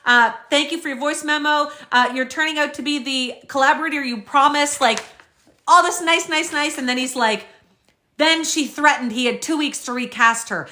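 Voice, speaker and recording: A woman's voice: sits high, moderate pace, bright, forceful tone. A woman vlogger reading out legal filings and reacting with indignant, sarcastic commentary. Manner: indignant, fired up, sarcastic asides.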